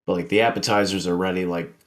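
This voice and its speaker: A man's voice: sits low, fairly even intonation, quick pace. A man hosting a podcast, telling a work story in a rambling, filler-heavy, profane way. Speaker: podcast host. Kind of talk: casual storytelling chat.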